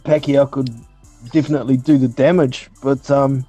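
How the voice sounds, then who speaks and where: A man's voice: mid-range voice, little pitch movement, moderate pace, warm tone, no echo, faint music behind. A man chatting casually about fights as a panelist, blunt and swearing freely, with hesitant fillers. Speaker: podcast panelist. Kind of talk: casual boxing chat.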